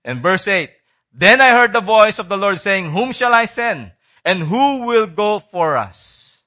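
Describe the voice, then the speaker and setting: Male preacher, high bright voice, emphatic and repetitive, dull lo-fi recording. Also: expressive, unhurried. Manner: emphatic, repeating key phrases, dropping low at line ends. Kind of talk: sermon.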